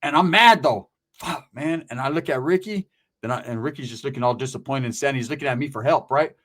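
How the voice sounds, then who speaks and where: A man telling a story in casual chat, animated and profane, full of street slang and shouted sound effects. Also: medium pitch, brisk.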